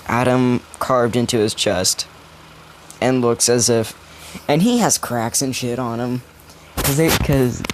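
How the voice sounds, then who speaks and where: A man's voice: medium pitch, noisy background. A young man telling a made-up story in casual chat, loose and slangy, full of fillers and restarts.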